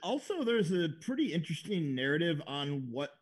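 A man in a relaxed podcast chat who rambles through explanations with many fillers and restarts. His voice sits slightly high. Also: normal speed. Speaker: podcast co-host. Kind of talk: casual chat.

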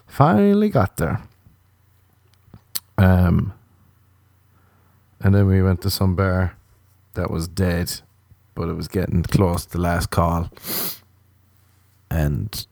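An Irish man spins a comic anecdote in a low, warm, slightly hoarse voice that sounds a bit sick. He rambles, swears and slips into quoted dialogue. The sound is close and dry. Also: no echo. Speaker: comedian. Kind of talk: comic storytelling.

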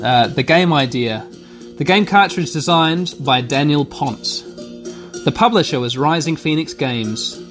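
A man playing a text adventure aloud, reading it out and adding casual, wry asides. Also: mid-range voice. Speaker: game player and host.

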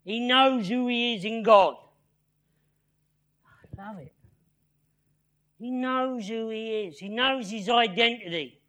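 Male preacher, very high voice, bright and forceful, retells a story, repeats himself, keeps checking in with the crowd. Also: slow pace, pauses often. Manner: repeats phrases, calls "listen" and "yeah?" to the crowd. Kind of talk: sermon storytelling.

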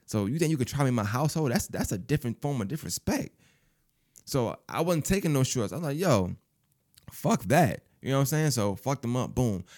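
A man's voice: medium pitch, quick pace. A man telling a personal story in casual, profane speech, acting out other people's lines as he goes. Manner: animated, profane, acts out quoted voices.

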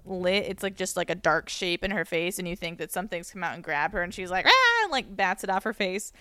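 A woman's voice: on the low side, steady tone, fast talker, a bit bright, dry recording. A woman co-hosting a podcast, talking loosely and casually about a movie, swearing and laughing often. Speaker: podcast co-host.

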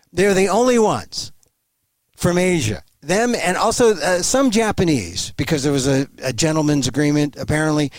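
An emphatic man talks as an interview guest over a remote link, his pitch leaping around with animation. He restarts phrases often as he pushes his points. The sound is close and dry. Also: dry recording. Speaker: guest commentator.

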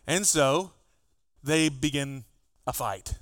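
A man, a pastor, preaching a sermon, animated and acting out exchanges with his children. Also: mid-range voice, slow pace, no room sound, studio quality. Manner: animated, acts out dialogue with his kids.

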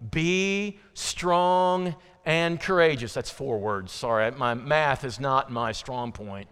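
A male pastor with a mid-range, slightly bright, clean voice preaches to his congregation in a church sanctuary. He's emphatic, repeating key phrases and slowing down for stress, mixing in folksy asides and direct questions to listeners. The recording carries the long reverb of a church hall.

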